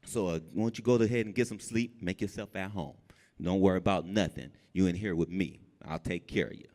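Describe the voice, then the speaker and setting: A giant of a prison cellmate speaks slow and low, calm and protective toward his new cellmate, as a man puts him on. His voice sits deep, and it trails in a long reverb in a live venue. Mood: reassuring.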